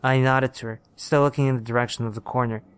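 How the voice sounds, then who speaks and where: A man narrating a first-person horror story in a steady, plain storytelling manner. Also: medium pitch, fast talker, smooth, no echo.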